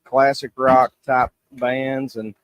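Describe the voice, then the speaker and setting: A man's voice: medium pitch, flat delivery, slow pace, dry recording, poor audio. A man with a Southern US accent chatting casually as a musician guest on a radio show. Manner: casual, chatty, lots of fillers.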